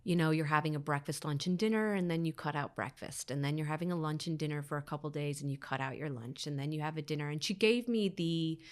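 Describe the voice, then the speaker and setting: A woman telling a painful personal story as a podcast guest, sometimes dropping to a hushed whisper and acting out other people's words. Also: low voice, fast, hardly any pauses. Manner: acts out others' words in quotes.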